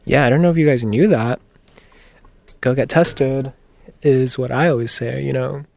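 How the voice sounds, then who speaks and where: A man's voice: mid-range voice, moderate pace, vocal fry, darkish tone, soft background music. A young man filling in as a college radio host, out of breath, chatty and rambling, laughing often. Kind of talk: casual radio chat. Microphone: studio microphone with headphones.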